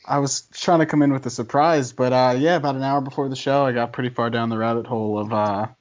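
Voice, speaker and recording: A man arguing a contrarian take on a casual podcast, chatty and quick to laugh. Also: medium pitch, steady tone, highs cut off. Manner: chatty, laughs often, argumentative. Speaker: podcast guest debater.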